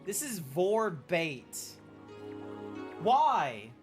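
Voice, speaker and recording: A man's voice: sits high, huge pitch swings, very slow, over music. A young man streaming a game, chatting casually with his viewers in a rambling, joking way, swearing now and then. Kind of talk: casual gameplay streaming chat.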